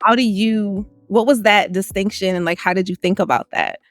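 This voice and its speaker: A woman's voice: mid-range voice, normal speed, dry recording. A woman from Michigan hosting a podcast, asking her guest questions in a casual, conversational way. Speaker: podcast host. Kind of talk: interview questions.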